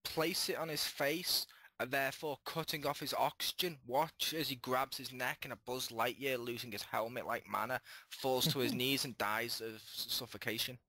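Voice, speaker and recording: A man's voice: medium pitch, steady tone, normal speed, sharp tone, no room sound. A man co-hosting a casual gaming talk show, joking and spinning silly scenarios. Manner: jokey, spins silly scenarios, plugs friends' sites. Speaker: co-host.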